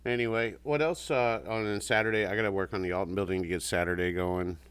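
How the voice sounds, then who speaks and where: A man's voice: lowish voice, steady tone, quick pace, fairly bright tone, smooth. A man chatting casually, rambling through stories and acting out what others said. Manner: rambling storyteller, acts out quotes. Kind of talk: casual chat.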